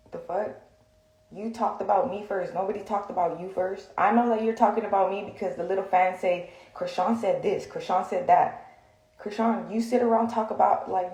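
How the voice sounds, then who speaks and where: A woman's voice: mid-range voice, dark tone, roomy sound, low-quality recording. A woman venting heatedly on a livestream, confrontational and full of fillers, recorded on a phone in a room.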